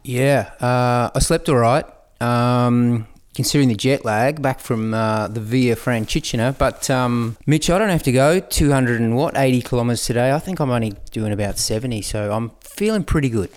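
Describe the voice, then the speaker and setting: A man chatting cheerfully as a riding companion, relaxed and encouraging. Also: mid-range voice, normal speed, few pauses, clear, resonant tone. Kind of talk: casual chat while cycling.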